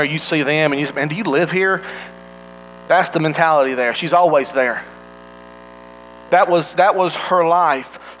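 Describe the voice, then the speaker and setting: A man's voice: on the high side, a bit bright, slight background noise, poor audio. A man preaching a sermon in an earnest way, asking his listeners direct questions.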